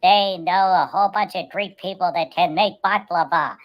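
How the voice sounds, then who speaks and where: A woman's voice: on the low side, fairly even intonation, normal speed, dull audio. Rambling woman spinning silly stories. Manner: rambling, many restarts. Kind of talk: casual comic storytelling.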